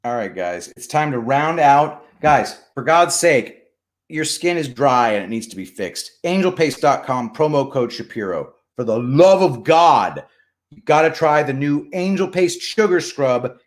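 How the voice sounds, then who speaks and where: A man hosting a live stream, chatting casually, reading viewer comments and plugging sponsors, animated and joking, loud one moment and mumbling the next. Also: mid-range voice, measured pace.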